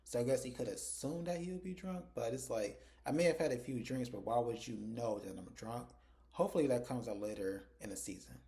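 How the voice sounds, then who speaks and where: Mellow-voiced man recapping a TV episode. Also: medium pitch, a little fast. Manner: retells scenes conversationally, acting out characters' lines. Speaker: TV episode reviewer. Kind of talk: casual spoken episode recap.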